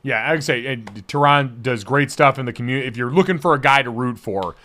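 A man's voice: mid-range voice, fast, sharp tone. A young man hosting a sports podcast, chatting casually with energy and a joking, loose manner. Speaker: podcast host.

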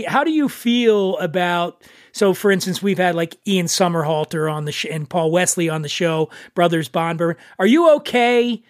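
A man's voice: high-pitched, no echo. Philly guy hosting a whiskey chat, jokey, trips over his words a bit, dry mic. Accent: Philadelphia. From Philadelphia. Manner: chatty, joking, many restarts. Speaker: podcast host. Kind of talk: casual whiskey tasting chat.

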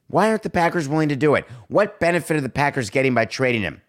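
A man's voice: fairly high pitch, very animated, fast talker, hardly any pauses. A man hosting a sports talk show, delivering a sarcastic, exasperated monologue.

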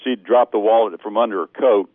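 A man from Texas calling in to a radio show by phone, telling a story in a lively way and laughing often. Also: on the low side, a little fast, no room sound. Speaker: caller. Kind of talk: animated storytelling on a phone call. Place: phone call. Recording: tinny phone line.

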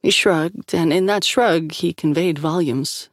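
A woman narrates a fiction audiobook from a script, telling the story in a measured, even manner. Her low voice is captured in clean studio sound with no room sound.

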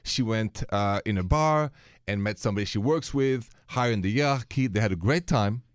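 A man's voice: lowish voice, brisk, no echo, studio quality. A man with a French accent co-hosting a radio talk show, chatty and easygoing as he reads out listener emails. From France. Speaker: radio co-host.

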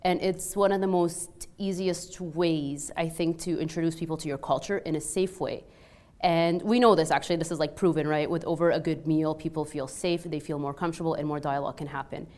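A young woman with a notably low-pitched voice talks as a guest on a panel. She is chatty and relaxed, filling her sentences with "like" and "you know". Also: fairly quick. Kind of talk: casual panel talk.

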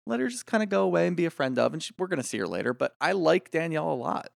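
A man co-hosting a casual podcast chat, opinionated and animated, swearing freely. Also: on the high side, very fast, vocal fry, dry recording, studio quality. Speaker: podcast co-host.

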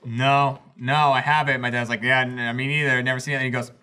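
A man co-hosting a podcast, telling an anecdote in an animated way and laughing at his own story. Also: medium pitch, a little fast, clear, resonant tone. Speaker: podcast co-host. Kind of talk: casual chat.

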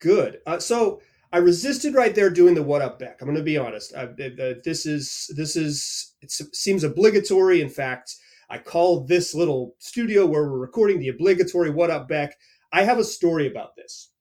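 A high-voiced man hosts a casual podcast, his pitch bouncing widely as he spins stories with energy. He restarts sentences often and keeps things loose and chatty. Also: normal speed. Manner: energetic, animated storyteller with frequent restarts. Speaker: podcast host and team reporter.

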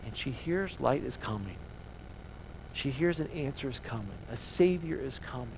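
A man's voice: mid-range voice, animated, normal speed, vocal fry, a little hiss or hum, poor audio. A man preaching a sermon to his congregation, talking emphatically and firing off repeated rhetorical questions. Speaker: pastor. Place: church service with congregation.

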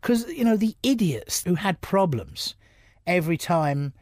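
Blunt, jokey man, fairly high voice. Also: very animated, unhurried, darkish tone, dry recording, studio quality. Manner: jokey, blunt, acts out other people's voices. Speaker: stand-up comedian guest. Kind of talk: casual interview storytelling.

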